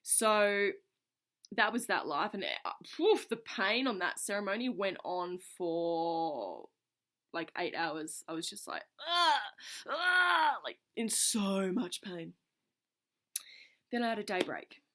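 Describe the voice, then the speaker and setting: A woman's voice: on the low side, expressive, slow pace, a bit bright. A woman vlogger casually telling a personal story to camera in an earnest, reflective way, her phrases running on loosely with many fillers.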